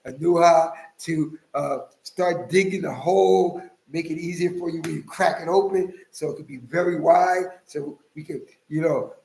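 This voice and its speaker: A man giving an impassioned, casual religious monologue, swinging between loud outbursts and low mutters. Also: normal speed, gravelly, roomy sound, low-quality recording. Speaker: religious commentator.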